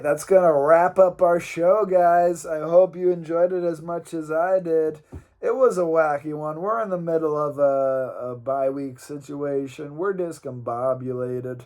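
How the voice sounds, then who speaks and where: A man's voice: on the high side, a little mellow. A man hosting a weekly game league round-up in casual, joking commentary, rambling with filler ums.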